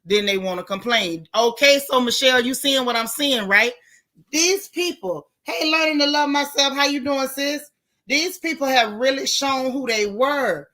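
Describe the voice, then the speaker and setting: A woman hosting a casual live stream, reading viewer comments and giving outspoken, animated reactions in colloquial talk. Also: high-pitched, normal speed. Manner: outspoken, animated, colloquial, talks back to the chat.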